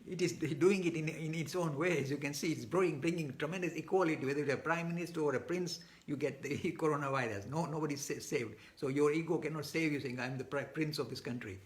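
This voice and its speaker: A man's voice: fairly high pitch, fast, hardly any pauses. A man answering audience questions in a live online talk, speaking emphatically with frequent restarts and repeated words. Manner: gets worked up.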